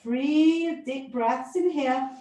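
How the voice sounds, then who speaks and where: Speaking extremely slowly, a woman with a high-pitched, mellow voice guides a live yoga class with short, encouraging cues, breathing and moving as she goes. The recording comes from a distant mic in a very echoey space.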